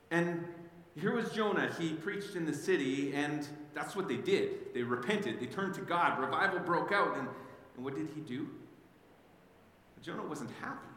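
A man's voice: a little high, normal speed. Male pastor preaching in an echoing hall. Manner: animated storytelling, with frequent repeated words. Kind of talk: sermon. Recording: echoey hall with faint ambience.

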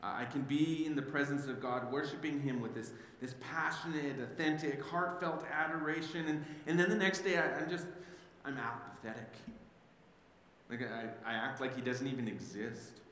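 A male pastor preaching a sermon, telling the story with animated restarts and acting out the figures. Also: mid-range voice, moderate pace. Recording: very echoey hall, faint background noise.

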